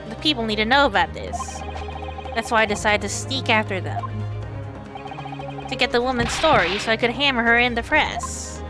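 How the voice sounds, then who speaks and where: A woman's voice: a little high, natural voice. A woman voicing a showy, boastful male reporter hungry for scoops, read over game music. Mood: eager.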